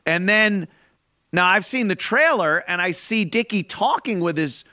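A bright, forceful male radio host in profane banter. He rants loudly, swears constantly and pushes his opinions hard. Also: high voice, expressive, measured pace. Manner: loud, rants, swears a lot.

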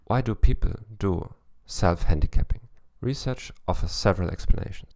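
A man with a German accent reads a scripted podcast monologue in a measured, lecturing way. His voice sits very low and has a gravelly edge. The recording is dry, with no room sound. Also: expressive, a little mellow, dry recording. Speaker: podcast host.

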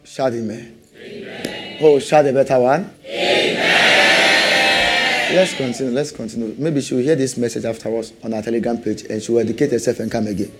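A man's voice: medium pitch, steady tone, fast talker, warm tone, faint music behind. A man preaching a sermon, calling for amens and hammering out repeated questions. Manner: call-and-response, rising to emphatic repeated questions.

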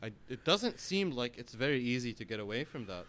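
Brisk and mid-range, this man's voice carries a rambling, animated podcast chat as co-host, heavy on filler words and frequent swearing.

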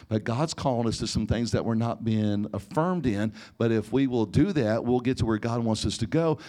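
A man's voice: mid-range voice, a little mellow. A man preaching a sermon, telling personal stories and acting out conversations with frequent restarts. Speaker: pastor.

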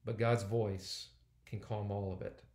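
A pastor in his forties preaches a sermon conversationally, pressing his points home with emphatic repetition. His voice is lowish, a little mellow, unhurried, and fairly flat in pitch.

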